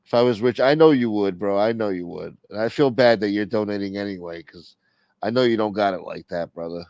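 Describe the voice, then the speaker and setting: Brisk and creaky, his lowish, slightly mellow voice carries this middle-aged livestream host's casual, swear-filled rambling and complaining. There is no echo, and the audio is dull lo-fi stream quality.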